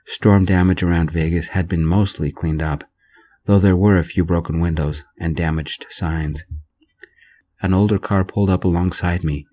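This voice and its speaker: A man telling a story in a gentle, soft-spoken reading voice. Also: sits low, steady tone, normal speed.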